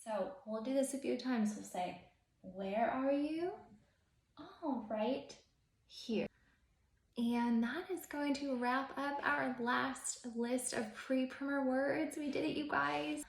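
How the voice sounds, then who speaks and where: A woman's voice: sits high, steady tone, unhurried, vocal fry, few pauses. A young adult woman teacher hosting an upbeat instructional video, cheerful and encouraging with sing-song emphasis. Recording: echoey room.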